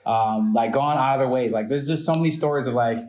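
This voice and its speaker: A man co-hosting a podcast, speaking in a relaxed, reflective way in casual chat. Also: medium pitch, fairly quick, a little hiss or hum. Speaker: podcast co-host. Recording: roomy echo.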